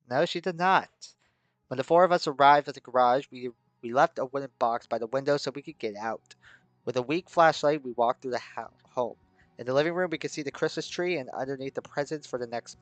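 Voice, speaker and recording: A man's voice: mid-range voice, no echo. A man reading a game's story aloud, breaking off into shocked, incredulous reactions. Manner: shocked, incredulous outbursts between narration.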